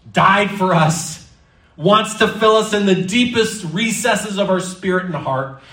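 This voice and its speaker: A man preaching a sermon in a church hall, lively and theatrical, sometimes slipping into mock-panicked voices. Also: high-pitched, far from the mic. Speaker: pastor.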